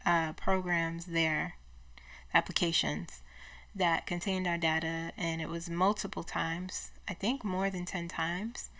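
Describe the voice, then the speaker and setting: A woman channeling and reading tarot, speaking slowly with many pauses and fillers. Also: lowish voice, gravelly, a bit bright. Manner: slow, hesitant, many fillers and restarts. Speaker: psychic reader and channeler. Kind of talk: casual spiritual channeling and tarot talk.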